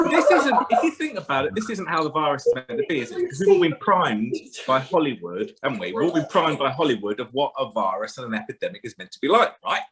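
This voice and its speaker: Lively man doing stand-up. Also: a little high. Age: 40s. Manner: chatty, rambling, asks the crowd questions. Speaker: stand-up comedian. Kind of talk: stand-up comedy.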